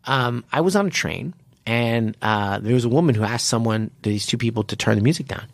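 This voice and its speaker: A man's voice: mid-range voice, animated, a little fast, creaky, no echo, clean studio sound. A man hosting a podcast, telling stories in casual chat with many restarts and fillers. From United States. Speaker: podcast host.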